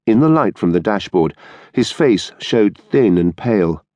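Man reading an audiobook, measured storytelling, close studio mic, dry, fairly low pitch. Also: animated, dark tone, no echo. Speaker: audiobook narrator. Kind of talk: scripted audiobook narration. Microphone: studio microphone.

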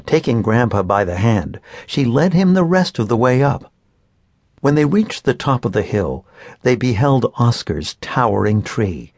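A man narrating a children's audiobook in an expressive storytelling manner. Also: medium pitch, no room sound, studio quality. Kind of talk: scripted narration of a children's book.

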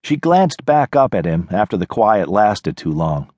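A man giving measured scripted narration of a short story in an audiobook, on a close studio mic. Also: fairly low pitch, sing-song, dry recording.

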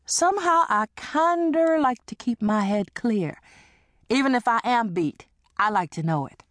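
A woman's voice: on the high side, animated, a little slow, fairly bright tone, no echo, clean studio sound. A woman reading an audiobook and voicing a lonesome, weary middle-aged woman who talks in a plaintive, resigned way.

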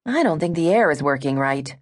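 A woman's voice: low voice, animated, fairly quick. A woman voicing a blunt, skeptical woman who teases her friend, in an audiobook. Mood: wry. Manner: dry, teasing, skeptical.

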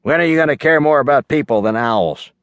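A gruff, combative logger father, as a man reads him out growls and bites off his words, pushing up in pitch when riled. The sound is dry and close, with no room around it. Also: lively intonation, a little fast, a bit bright, no echo, close to an everyday voice. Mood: scornful. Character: gruff hot-tempered male logger father. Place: recording studio.

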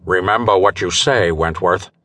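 A man's voice: sits low, moderate pace, pushed and bright, slight background noise. A man voicing a stern, commanding police commissioner in an audiobook. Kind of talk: audiobook character voice.

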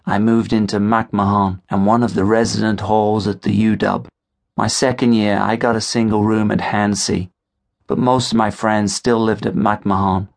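A man narrating an audiobook in the first person, telling the story in a measured way. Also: lowish voice.

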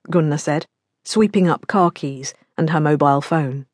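A woman reading a mystery audiobook in a measured storytelling manner. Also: low voice, a little mellow, dry recording, studio quality. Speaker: audiobook narrator. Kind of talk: scripted narration.

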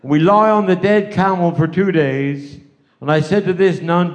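Older West Country comic spinning bawdy yarns. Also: male voice, on the high side, normal speed, a little mellow. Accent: West Country English. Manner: rambling bawdy yarn-spinning with repeated "I said, she said". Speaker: stand-up comedian. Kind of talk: live stand-up storytelling. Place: live stage show.

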